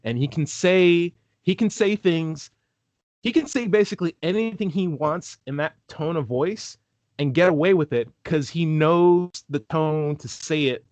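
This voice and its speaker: A man's voice: fairly high pitch, no echo, lo-fi sound. A young man from California, a guest on a video call, chatting casually and rambling with many fillers. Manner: rambling, lots of "like", acts out quoted voices. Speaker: street epistemologist guest. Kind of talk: casual interview chat.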